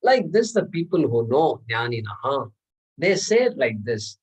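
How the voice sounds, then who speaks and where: A man's voice: medium pitch, sing-song, normal speed, breathy edge, rough recording. A man, teaching a scripture class and explaining terms patiently, repeating words and chuckling often. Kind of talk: class lecture.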